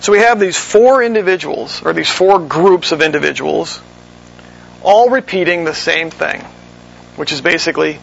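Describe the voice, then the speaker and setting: A man with a fairly high, gravelly voice preaching verse by verse. His tone is husky and he teaches at a measured pace, sometimes stopping to correct himself. The recording sounds dull and lo-fi. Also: fairly bright tone. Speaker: pastor. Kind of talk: expository sermon.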